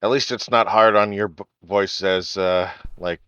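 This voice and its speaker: A man in a casual chat, speaking slowly and hesitantly with filler pauses. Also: on the low side, steady tone, pushed and bright, clean tone, dry recording. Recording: dull, dry lo-fi mic.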